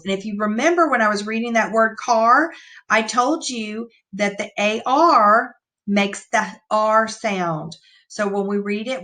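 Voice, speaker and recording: A woman teacher giving an online reading lesson to young children, reading sentences aloud slowly and patiently. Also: mid-range voice, pushed and bright. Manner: slow, clear, patient read-aloud.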